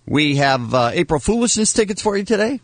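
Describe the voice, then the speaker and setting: A man's voice: sits high, big pitch swings, brisk, no room sound. A man hosting a morning radio show, trading dry, sarcastic jokes with his co-host and taking calls. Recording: dry close studio mic.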